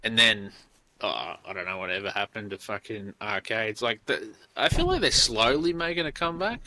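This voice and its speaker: With a lowish voice, lively intonation and a moderate pace, this Australian man in his thirties co-hosts a podcast, swearing freely through rambling stories in casual chat. His tone is pushed and bright, and there's no echo.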